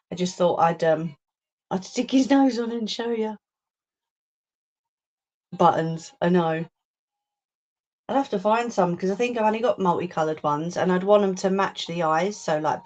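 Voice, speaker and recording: A woman hosts a casual crafting livestream from her home craft room, chatting and answering viewer comments as she works. Her voice is lowish and a little mellow. The phone or webcam audio sounds muffled.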